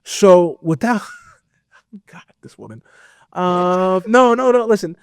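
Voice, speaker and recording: A man guest on a podcast, telling a personal story in a casual, animated way with lots of fillers. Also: high-pitched, takes it slowly, clear, resonant tone, no echo, clean studio sound. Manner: animated, expressive, full of fillers. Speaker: podcast guest, metal vocalist.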